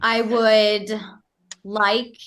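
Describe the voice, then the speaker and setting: A woman's voice: medium pitch, little pitch movement, very slow, fairly bright tone. A woman guest on a casual stream, playful and teasing. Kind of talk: casual livestream banter.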